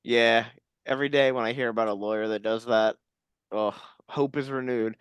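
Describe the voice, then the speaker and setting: A comedy podcast co-host chatting in a deadpan, rambling way full of tangents. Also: medium pitch, moderate pace, clear, resonant tone, no room sound. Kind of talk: casual comedic chat.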